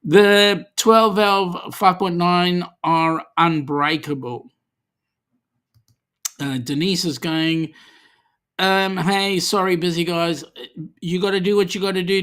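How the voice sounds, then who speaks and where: A man's voice: on the high side, fairly bright tone, smooth. An Australian man hosting a casual livestream, reading viewer comments aloud in a chatty, easygoing way with lots of ums. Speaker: livestream host.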